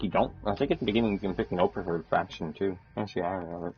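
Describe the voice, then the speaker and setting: A man's voice: low voice, quick pace, slightly rough. A man chatting casually while he plays a game, rambling loosely and swearing freely. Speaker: gamer streaming a match. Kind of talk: casual chat while gaming. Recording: dull lo-fi recording with faint music.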